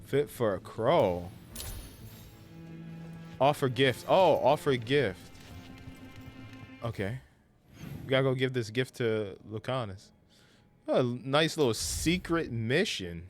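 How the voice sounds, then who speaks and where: A man giving casual commentary over his own gameplay, playful and prone to joking. His pitch swings widely while he talks at an unhurried pace. Faint music runs behind him. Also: animated. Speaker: gaming streamer.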